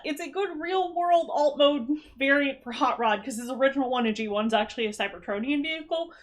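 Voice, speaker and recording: A woman co-hosting a podcast, chatting casually through a movie recap. Her voice sits very high, and she laughs often. When something excites her, her pitch jumps up sharply. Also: normal speed, few pauses. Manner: giggly, exclaims with big pitch jumps. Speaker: podcast co-host.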